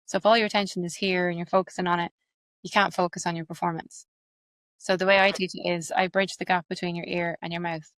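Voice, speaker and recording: An Irish woman explains accent work with quick, lively energy, using examples. Her voice sits a little low. The sound is close and dry. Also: no room sound. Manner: fast, animated, explains with examples. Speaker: accent coach and actress, guest. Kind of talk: explanatory interview talk.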